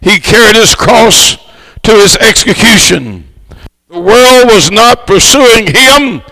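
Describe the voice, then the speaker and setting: A high, bright-voiced man preaching a fervent sermon, his tone shot through with gravel. He builds to shouts and stretches out the words he wants to land. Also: expressive, slow pace, poor audio. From United States. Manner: fervent, swells to shouts, draws out key words. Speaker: missionary preacher.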